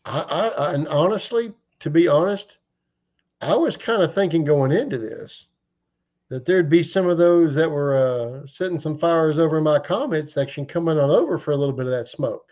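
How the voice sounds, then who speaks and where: A man's voice: on the high side, expressive, normal speed, darkish tone, muffled recording. A man joining a livestream as a guest, chatting in a colorful, folksy, joking way. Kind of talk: casual chat on a livestream.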